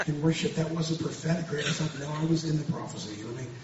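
Earnest pastor in an echoey room. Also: male voice, fairly high pitch, very fast, crowd noise. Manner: earnest, emphatic, repeats himself and restarts. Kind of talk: personal testimony in an interview. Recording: very echoey distant room, dull and noisy.

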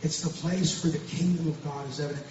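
Speaking quickly in a fairly high, steady, somewhat dark voice, a pastor gives a heartfelt and forceful account of his own experience, frequently restarting and saying things twice. The room is very echoey and far off, with a muffled, noisy sound.

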